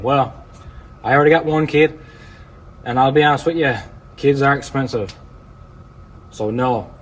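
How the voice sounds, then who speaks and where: A man's voice: mid-range voice, measured pace, long pauses, slight background noise, low-quality recording. Newfoundland man, dry plain-spoken vlogger. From Newfoundland, Canada. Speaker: car-flipping YouTuber. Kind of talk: casual vlog talk.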